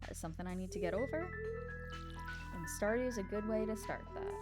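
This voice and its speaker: A woman streamer chats casually while playing, her voice sitting at an ordinary middle pitch. She giggles and thinks out loud in a playful, rambling way. Game music plays clearly underneath her. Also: very animated, quick pace. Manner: chatty and playful, giggles and talks to herself. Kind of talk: casual live gameplay chat.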